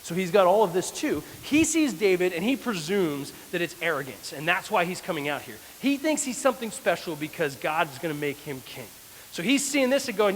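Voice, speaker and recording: Male pastor, lively storytelling sermon, fairly high voice, long church reverb with faint hiss. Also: normal speed. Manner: animated storytelling. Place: church hall.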